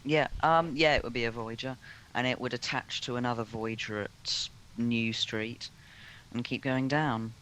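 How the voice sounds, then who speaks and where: A man's voice: medium pitch, fairly even intonation, a little slow, a bit bright. Guy chatting over a train game, lots of ums, dry jokes, noisy line. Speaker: co-host. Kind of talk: casual gameplay chat. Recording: clear background noise.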